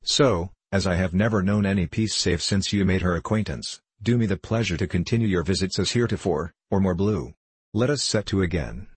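A man voicing an absent-minded, dreamy male poet in an audiobook, speaking slowly and plaintively. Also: low voice, slightly rough, no room sound. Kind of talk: audiobook character reading.

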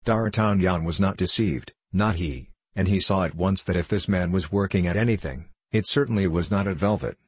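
A man narrating a classic novel as an audiobook in a measured, even reading. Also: low-pitched, husky, no room sound.

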